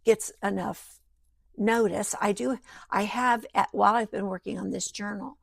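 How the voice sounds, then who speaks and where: A woman talks through her craft project at home, wandering from thought to thought and sometimes dropping to a near-whisper. Her voice has a gravelly, creaky edge, and the sound is close and dry with no room echo. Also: medium pitch, fairly even intonation, normal speed. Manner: rambling, thinks aloud, drifts into soft murmurs. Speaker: journal maker. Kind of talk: casual craft walkthrough. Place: home craft table beside a sewing machine.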